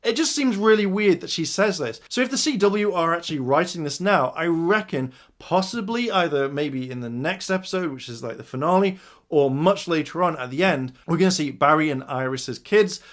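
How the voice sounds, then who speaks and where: A man's voice: fairly high pitch, animated, moderate pace, a bit bright. A man giving an enthusiastic casual review of TV episodes, retelling scenes and addressing his viewers. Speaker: video reviewer.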